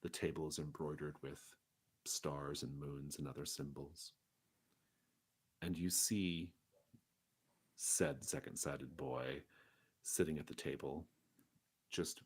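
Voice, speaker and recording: Man, very low voice, game master, descriptive tabletop narration. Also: husky. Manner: descriptive, with fillers and restarts.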